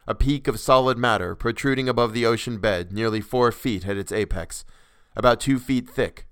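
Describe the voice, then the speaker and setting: Low, smooth-voiced male horror narrator. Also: a bit bright, dry recording, clean studio sound. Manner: measured, formal, unhurried. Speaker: podcast narrator. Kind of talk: scripted narration of a horror story.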